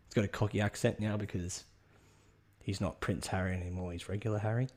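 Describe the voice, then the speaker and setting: A man's voice: lowish voice, steady tone, brisk, a little mellow. A man hosting a podcast, rambling and swearing through a comic monologue. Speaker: podcast host.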